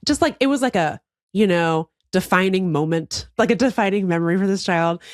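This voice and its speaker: A woman's voice: lowish voice, a little fast, no room sound, studio quality. A woman co-hosting a casual comedy podcast, telling a story with lots of laughs and acted-out quotes. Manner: animated storytelling, laughs often; swears casually, acts out quotes. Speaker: podcast co-host.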